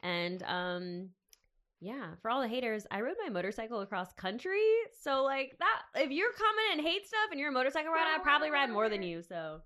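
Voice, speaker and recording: A woman's voice: fairly high pitch, sing-song, fairly quick, bright, forceful tone. A woman guest on a casual podcast, blunt and joking. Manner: blunt, jokey. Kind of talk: casual chat.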